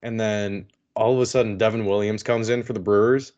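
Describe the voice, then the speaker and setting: Laid-back young man, low voice. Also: steady tone, fairly quick, a little mellow. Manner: laid-back, laughs easily. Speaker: podcast co-host. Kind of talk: casual sports chat. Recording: dull lo-fi audio.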